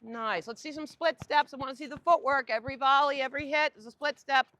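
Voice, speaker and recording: A woman coaching a group on an outdoor tennis court, giving lively directions and asking the group questions. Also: high-pitched, quick pace.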